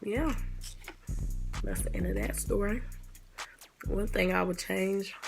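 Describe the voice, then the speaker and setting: A woman's voice: medium pitch, wildly swooping pitch, slow, gravelly, music in the background. A young woman telling a story in a casual vlog, blunt and exasperated, swearing now and then. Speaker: vlogger.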